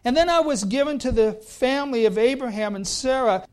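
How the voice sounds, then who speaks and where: A man's voice: very high voice, brisk, voice pushed up. A male preacher voicing the imagined thoughts of a desperate young mother cast out of her home. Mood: despairing.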